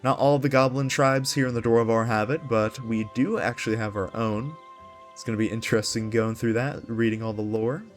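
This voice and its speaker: A man hosting a let's play, giving casual strategy game commentary with rambling asides. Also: medium pitch.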